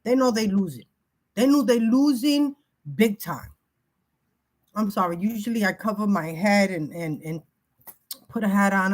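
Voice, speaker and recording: A woman talking straight to her viewers in an urgent, emotional monologue, often stumbling and repeating words as she warns them. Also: mid-range voice. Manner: urgent warning tone. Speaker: spiritual video creator. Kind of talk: emotional direct-to-camera monologue.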